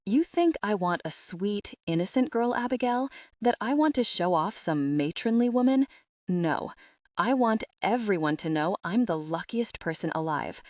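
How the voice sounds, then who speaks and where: A woman reading the lines of a confident, possessive adult man who speaks in a low murmur in a romance audiobook. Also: animated, moderate pace, darkish tone, dry recording, close to an everyday voice.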